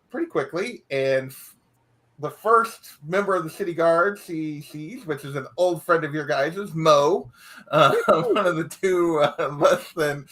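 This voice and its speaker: A man's voice: fairly high pitch, a bit bright. A man narrating as game master, casual and loose, with lots of fillers. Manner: casual, filler-heavy, laughs often.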